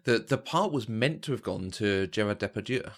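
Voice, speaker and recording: A man co-hosts a casual film podcast, pitched a little low. He thinks aloud and circles back to rephrase as he goes. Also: expressive, moderate pace. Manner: thoughtful, restarts his sentences. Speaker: podcast co-host.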